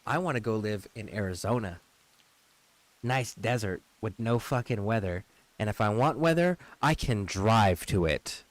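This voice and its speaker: A man's voice: lowish voice, animated, measured pace, dry recording. A man streaming a video game, reading menus aloud and chatting loosely with casual profanity. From United States. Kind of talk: casual gameplay commentary.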